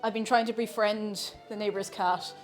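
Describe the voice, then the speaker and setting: A woman's voice: medium pitch, fairly even intonation, normal speed, soft background music. A young woman streaming from her home kitchen, chatting playfully and casually while she bakes. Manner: chatty and playful, coos in baby talk to a cat. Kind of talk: casual livestream chat while baking.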